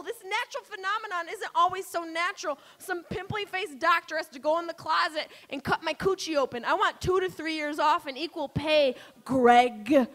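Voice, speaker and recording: A woman's voice: extremely high pitch, brisk, few pauses, fairly bright tone. A woman doing a brash, profane stand-up set, bantering with the crowd from a comedy club stage.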